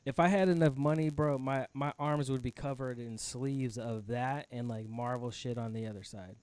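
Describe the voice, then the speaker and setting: A man's voice: mid-range voice, steady tone, moderate pace, darkish tone, no room sound. Laid-back man chatting on a podcast. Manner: laid-back, swearing, laughs often. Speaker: podcast co-host. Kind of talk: casual chat.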